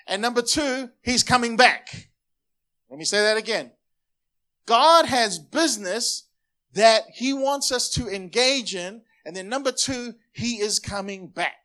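A pastor with a high, bright-pitched voice delivers a lively sermon. He talks straight to the congregation and has them repeat his words back to him. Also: unhurried. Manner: energetic, calls on the congregation to repeat phrases.

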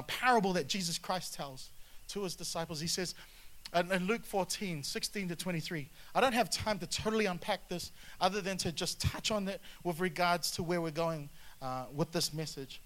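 A man delivers a lively sermon in a bright, forceful voice, pitched a little high for a man. He moves between scripture reading and animated asides, calling on the congregation to answer back. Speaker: pastor.

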